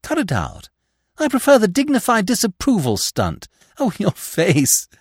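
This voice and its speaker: A man's voice: high voice, huge pitch swings, unhurried, slightly rough, no echo, clean studio sound, pitched above the performer's own voice, full character voice. A man voicing a brash, teasing young actress who talks in a chatty, slangy way, read as an audiobook character.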